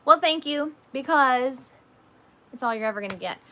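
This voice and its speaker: A chatty woman in her thirties talks casually on a livestream, reading comments and answering them. Her voice sits a little high and sounds bright and forceful, and her talk is loose and peppered with fillers. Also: animated, moderate pace, a little hiss or hum. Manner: chatty, frequent "like" and "um", reads comments aloud. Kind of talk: casual live chat.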